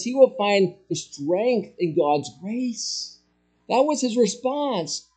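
A man preaching with a fairly high voice that climbs and booms on key points, then drops to near-hushed asides. He keeps putting rhetorical questions to the congregation and drives each point home with strong emphasis. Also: lively intonation, takes it slowly, slightly rough, faint music behind. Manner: emphatic preaching with rhetorical questions, swinging from loud highs to quiet lows. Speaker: pastor. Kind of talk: sermon.

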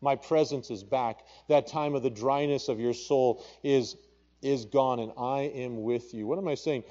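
A man's voice: medium pitch, unhurried, dark tone, muffled recording. A male pastor with a Papua New Guinean accent preaching a sermon and reading scripture aloud with rising emphasis. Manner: preaching with rising emphasis, quoting scripture in King James wording.

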